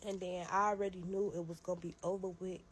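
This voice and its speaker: A young woman casually telling a dramatic personal story to her viewers, profane and animated, acting out her own shouting. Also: on the low side, fast talker, noisy background.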